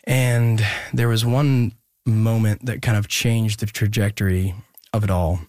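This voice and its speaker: A young man telling a personal story in an interview, halting and earnest with many pauses and restarts. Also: fairly low pitch, little pitch movement, a little mellow, no echo, clean studio sound. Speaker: guest musician.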